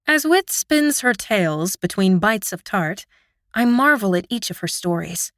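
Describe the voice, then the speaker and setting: Expressive woman narrating a fantasy audiobook. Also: mid-range voice, a little slow, no echo, studio quality. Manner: expressive, emotional reading. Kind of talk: first-person fantasy narration.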